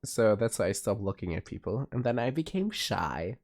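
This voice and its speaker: A man's voice: fairly low pitch, very animated, normal speed, darkish tone. A young man chatting casually with his stream viewers, rambling with many restarts and laughs. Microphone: streaming mic.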